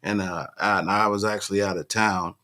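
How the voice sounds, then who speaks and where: A man's voice: sits low, fairly even intonation, a little fast, sharp tone. A man co-hosting a talk show in a laid-back, rambling way, often restarting his sentences. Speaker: co-host. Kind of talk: casual talk show chat.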